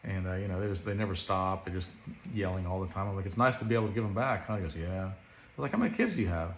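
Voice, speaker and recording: A man's voice: low voice, quick pace, roomy sound, a little hiss or hum. Middle-aged man telling a comic story. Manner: rambling, animated, self-deprecating. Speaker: comedic storyteller. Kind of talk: casual comedic storytelling to camera.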